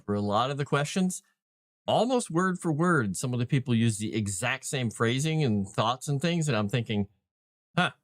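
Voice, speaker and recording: Casual male livestream host, middle pitch, rambling and chatty, close dry sound. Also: animated, moderate pace, dry recording. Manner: rambling, chatty, with many fillers and restarts. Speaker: livestream host and game master.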